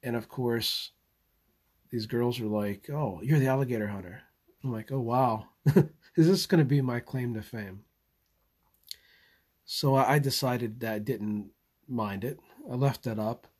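A man's voice: mid-range voice, measured pace, pauses often, darkish tone, husky. A man hosting his own channel and talking live in a casual monologue. He halts and repeats words often and chuckles as he goes. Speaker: channel host.

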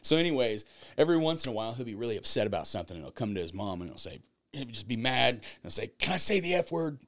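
A man's voice: lowish voice, expressive, very fast, no room sound. A man, a podcast guest and father of two, telling rambling stories in casual chat with many fillers. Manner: rambling storyteller with fillers and laughs.

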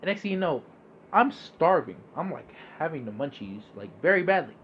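A man's voice: a little high, very animated, normal speed, muffled recording, slight background noise. Rambling, laid-back young man. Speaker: podcast host. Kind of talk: casual monologue.

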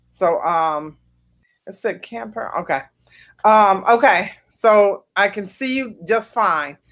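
A woman's voice: mid-range voice, takes it slowly. A woman hosting a podcast interview over a video call, encouraging her guest with frequent "um"s. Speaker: podcast host. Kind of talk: casual interview chat.

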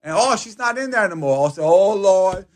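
A man's voice: high-pitched, lively intonation, a little fast. A man telling a personal church testimony in casual conversation, with many restarts, acting out sounds and voices. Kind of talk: casual storytelling.

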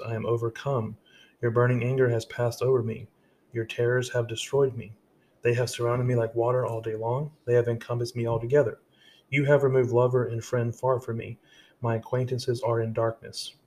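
A man with a medium-pitched, darkish voice hosts a devotional podcast, with a bit of hiss or hum in the recording. He reads verses aloud and then paraphrases them casually, frequently starting his sentences over.

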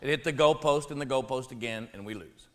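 A man, a pastor telling a funny personal story in a sermon, animated and jokey, dropping low then shouting. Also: brisk.

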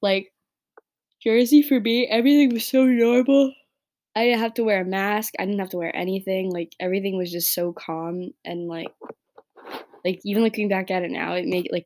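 A teenage girl from New York hosts a casual solo podcast with a slightly low voice. She rambles through her thoughts, padding nearly every phrase with "like" and checking in with "right?". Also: fairly even intonation, normal speed. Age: teens. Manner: rambling, heavy use of "like" and "right?". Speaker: podcast host. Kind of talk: casual personal podcast monologue.

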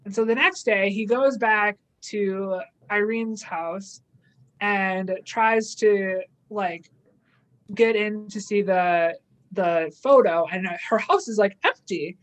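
A woman's voice: mid-range voice, takes it slowly. A young woman co-hosting a casual podcast, retelling a plot with many fillers. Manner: casual, filler-heavy, acts out quoted lines. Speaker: podcast co-host.

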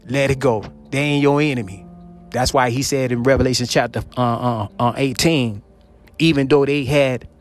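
A man preaching a sermon on scripture with fervor. He repeats phrases, calls out hallelujah often, and swings between loud calls and low murmurs.

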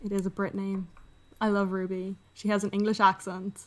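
A woman's voice: mid-range voice, completely flat delivery, normal speed. Chatty woman retelling a book plot. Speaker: podcast co-host. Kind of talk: casual book discussion.

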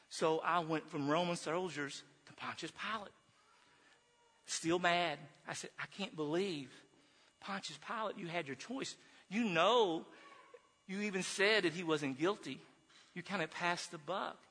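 Man, earnest testimony talk, slightly high voice, bright and forceful, long hall reverb. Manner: earnest, halting storyteller with restarts. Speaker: speaker giving a testimony. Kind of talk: personal testimony talk with slides.

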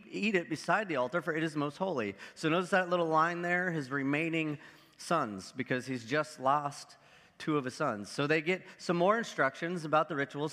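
A man's voice: on the high side, pushed and bright, big-room sound. A man, a pastor with kids, giving a casual sermon and reading scripture aloud, talking loosely with lots of "like" fillers. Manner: conversational, many "like" fillers.

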